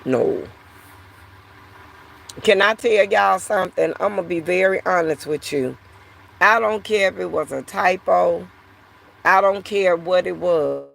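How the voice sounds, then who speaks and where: Slow, gravelly woman venting to camera. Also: lowish voice, fairly bright tone. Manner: frustrated, repetitive, addresses viewers directly. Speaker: vlogger. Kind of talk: casual talk to camera.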